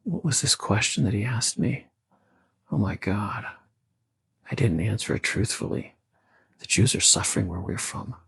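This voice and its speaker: A man voicing an anxious male traveler who worries in a hushed, half-whispered way, with a gravelly, husky voice. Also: lowish voice, expressive, normal speed, long pauses, dry recording, heavily acted. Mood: panicked.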